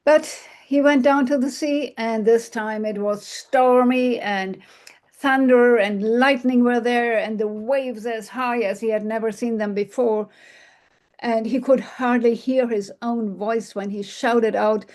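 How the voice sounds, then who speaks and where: A woman tells a classic fairy tale aloud, taking her time with each phrase. Her voice sits a little high, and she drops into hushed tones and soft sighs for effect. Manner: slow, expressive, with soft sighs and hushed passages. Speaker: storyteller. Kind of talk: oral fairy-tale storytelling.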